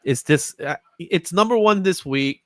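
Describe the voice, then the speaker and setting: A man's voice: a little high, measured pace, no echo. A man hosting a comics market show, chatting casually and laughing often. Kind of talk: casual chat.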